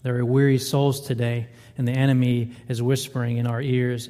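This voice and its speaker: A man's voice: medium pitch, completely flat delivery, moderate pace, mellow. A male pastor delivering a sermon, building emphasis with repeated rhetorical questions. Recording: reverberant hall.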